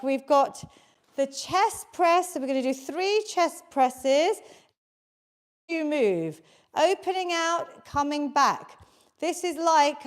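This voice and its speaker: A woman leading a live workout from a basement home studio, talking into a handheld mic, encouraging and counting reps aloud, out of breath. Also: high voice. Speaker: fitness instructor.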